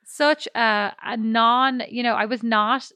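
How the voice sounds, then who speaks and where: A woman's voice: on the high side, fairly even intonation, slow pace, bright, forceful tone, dry recording, studio quality. A woman co-hosting a podcast, chatting casually in a rambling, self-deprecating way and swearing freely. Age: adult. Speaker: podcast co-host. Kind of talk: casual chat.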